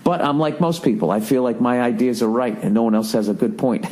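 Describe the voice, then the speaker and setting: A man's voice: medium pitch, brisk, a little mellow. A man hosting a podcast, delivering a profane, sarcastic, exasperated comedic rant in a casual monologue. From United States. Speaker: podcast host.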